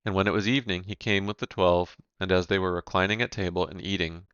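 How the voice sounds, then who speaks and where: A man giving a measured, even reading of Bible scripture, announcing each section heading. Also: low-pitched, smooth, dry recording, lo-fi sound. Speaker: scripture reader.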